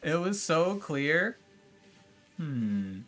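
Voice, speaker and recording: A man's voice: a little high, very animated, extremely slow, a bit bright, faint music behind. A man streaming a game who rants and argues with his chat, swearing and exasperated. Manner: exasperated, profane ranting; argumentative, talking back to chat. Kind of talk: casual livestream chat with viewers.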